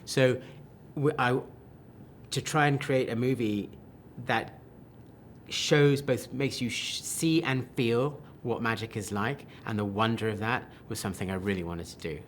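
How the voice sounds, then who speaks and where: Man, film director, enthusiastic interview answers, animated, faint background noise. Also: mid-range voice. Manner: animated, enthusiastic, quick restarts and quoted asides.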